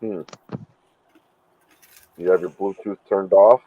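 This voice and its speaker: Low man on a tinny phone line. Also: fairly even intonation, takes it slowly, slight background noise. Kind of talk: casual live-stream chat.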